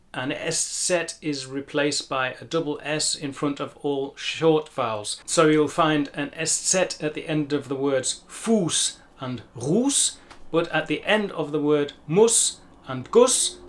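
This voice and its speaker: British man teaching pronunciation, slightly high voice. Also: a bit bright. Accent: British English. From Britain. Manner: careful, repeats words slowly to demonstrate sounds. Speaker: language teacher. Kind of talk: pronunciation lesson.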